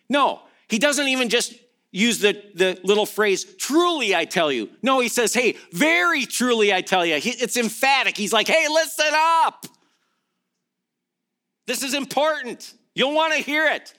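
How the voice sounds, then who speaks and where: A middle-aged male pastor preaching a sermon in a fairly high voice with a bright, forceful edge. He takes his time and lets each point land. His delivery is emphatic, full of rhetorical questions and repeated key phrases.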